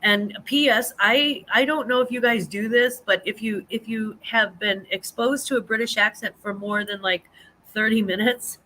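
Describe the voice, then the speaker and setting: A woman's voice: on the high side, moderate pace, pushed and bright, a little hiss or hum, poor audio. A woman, hosting a casual live-stream chat, rambling with many ums and restarts. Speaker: host of a live reselling chat show.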